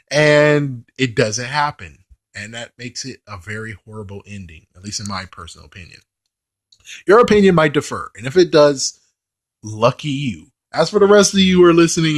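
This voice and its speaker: Man ranting profanely, higher-pitched voice. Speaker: movie commentary vlogger. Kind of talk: casual ranting movie review.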